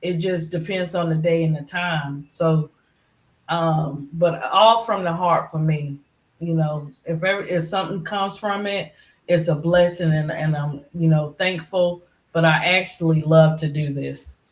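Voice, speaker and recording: A woman's voice: deep voice, fairly even intonation, a little slow, reverberant. A middle-aged woman who is a regular on a livestream panel, talking in a casual, rambling way full of fillers. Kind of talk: casual chat.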